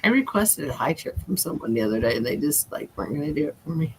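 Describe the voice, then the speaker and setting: A woman's voice: low voice, big pitch swings, fast talker, a little hiss or hum, poor audio. A woman hosting a casual livestream chat from home, rambling, swearing and laughing a lot. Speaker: livestream host. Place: at home, seated.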